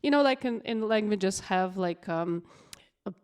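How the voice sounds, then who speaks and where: A woman from abroad co-hosting a casual podcast, telling stories in an animated, excitable way with loose non-native phrasing. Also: mid-range voice, unhurried, clean tone. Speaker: podcast co-host.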